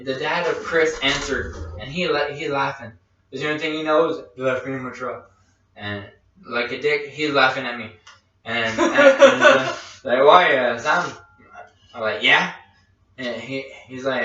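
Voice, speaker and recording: A man tells a long personal story, stumbling over restarts and acting out what others said. His voice is bright and carries. It comes from a distance in a very echoey room through a dull, lo-fi mic. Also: medium pitch, animated, normal speed. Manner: rambling anecdote with quoted dialogue and restarts. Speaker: podcast host. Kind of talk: casual storytelling chat.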